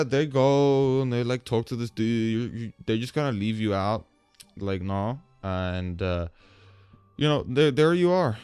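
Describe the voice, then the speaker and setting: A man narrating a tabletop game as game master, chatty and animated, with many fillers. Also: on the low side, clear, resonant tone, no room sound.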